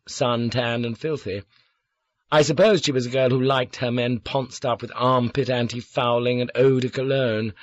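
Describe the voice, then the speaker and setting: A man narrating a first-person audiobook in a dry, wry, measured way. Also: fairly low pitch, no room sound. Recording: dull lo-fi dry recording.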